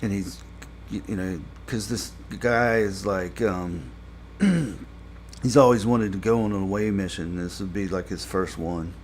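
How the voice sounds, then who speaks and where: A man talks through a TV episode review in a casual, meandering way, leaning on fillers and restarts. His voice sits fairly low and he takes his time. Faint noise hums in the background. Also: steady tone, a little slow. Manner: rambling, heavy on fillers, gets exasperated and louder when complaining.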